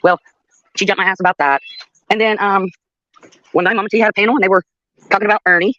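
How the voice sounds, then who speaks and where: A woman's voice: mid-range voice, fairly even intonation, quick pace, fairly bright tone, no room sound, highs cut off. An older woman telling a story on her livestream in a blunt, profane way, with laughs between her sentences. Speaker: livestream host. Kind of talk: casual storytelling.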